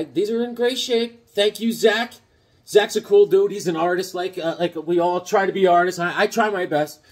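A middle-aged comic book collector vlogger shows off his finds in a casual chat, rambling, joking, and putting on silly voices in his anecdotes. His voice runs on the high side and is a little mellow.

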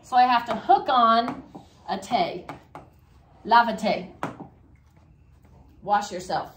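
A woman's voice: fairly high pitch, a little slow. A woman teaching a Spanish grammar lesson to a class, explaining step by step and asking questions. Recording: echoey classroom, faint noise.

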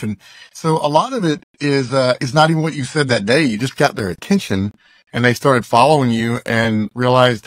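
A man's voice: medium pitch, normal speed, no room sound. A man from Arkansas, a musician and youth speaker, telling a story in a casual interview. He is loose and chatty and acts out the dialogue he quotes.

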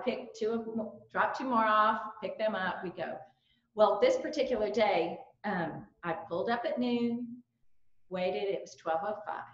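A middle-aged woman with a Southern US accent, telling stories in a lively way at a church training. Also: on the high side. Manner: lively storyteller, animated quotes and laughs. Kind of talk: church talk with personal stories. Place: church hall. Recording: roomy, dull-sounding church recording.

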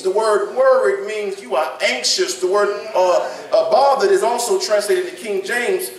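A man preaching a sermon in a church sanctuary, repeating phrases and rising to shouts in call-and-response style. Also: sits high, normal speed, hardly any pauses. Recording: echoey church room, mic at a distance, congregation audible.

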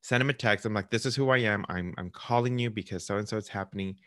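A man's voice: lowish voice, quick pace, a bit bright, no echo, studio quality. A man, a realtor, telling a client a story in casual chat, acting out the voices of people on the phone. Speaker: realtor hosting a client interview.

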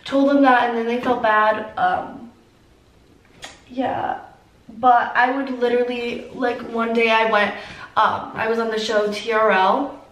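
A teenage girl vlogger telling a personal story through tears, filler-heavy and halting. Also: fairly high pitch, roomy sound, recorded from a distance, rough recording. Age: teens. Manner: tearful, heavy use of "like". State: crying. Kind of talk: emotional storytime.

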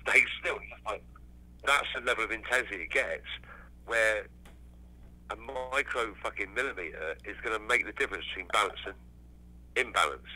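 A man's voice: fairly low pitch, sharp tone, slightly rough, poor audio. A man, a musician guest chatting casually, swearing freely and restarting his sentences. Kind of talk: casual interview chat.

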